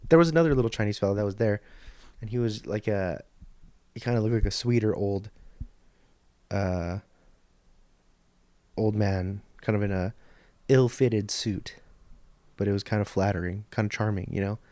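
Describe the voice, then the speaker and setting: A man's voice: fairly low pitch, normal speed, long pauses, mellow, no room sound. A man hosting a podcast, telling a story in a rambling, profane, stop-start way into a studio microphone. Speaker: podcast host. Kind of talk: casual storytelling monologue.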